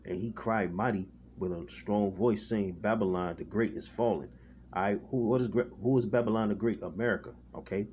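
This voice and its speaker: A faint hiss or hum accompanies a man whose lowish, darkish voice moves briskly. He's a street-style preacher giving an informal online sermon, loose and repetitive, saying "man" and "all right" a lot and often restarting while he reaches for words.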